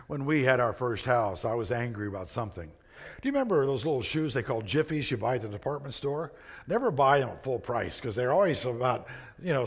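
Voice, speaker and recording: A man preaching a sermon, earnest and conversational, swinging between emphatic points and hushed, quiet asides. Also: medium pitch. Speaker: pastor.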